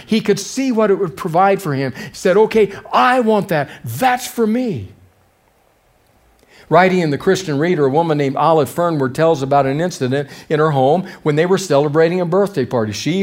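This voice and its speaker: Male pastor, fairly high voice, sermon delivery, dramatizes quotes, repeats key words. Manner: acts out quoted voices with shifts in pitch and loudness.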